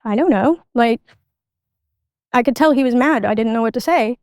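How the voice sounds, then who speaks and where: An adult woman appears as a podcast guest, sharing stories of her childhood at normal speed. Her fairly high voice is a little mellow and clean, peppered with "like" fillers, and the studio-quality recording has no echo.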